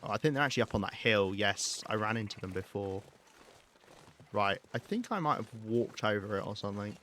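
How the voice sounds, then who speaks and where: Calm British man streaming a game. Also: fairly low pitch, a little fast, a little hiss or hum. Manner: calm, soft-spoken, chatty with viewers. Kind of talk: casual live-stream chat while playing.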